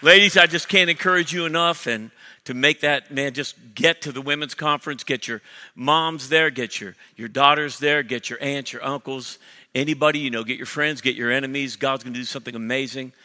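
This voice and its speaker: A male pastor bursting with energy, joking with his congregation and tripping into quick restarts. His voice is bright and sharp, and it is carried on a stage mic into a big auditorium where a long reverb trails every phrase. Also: medium pitch, steady tone. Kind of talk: sermon announcements. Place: large church auditorium. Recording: long church hall reverb.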